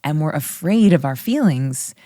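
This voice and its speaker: A woman's voice: low-pitched, lively intonation, dark tone, no echo, clean studio sound. A young woman hosting a podcast, enthusiastic and affirming, chiming in eagerly. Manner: enthusiastic, affirming, quick interjections. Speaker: podcast host. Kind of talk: casual conversation.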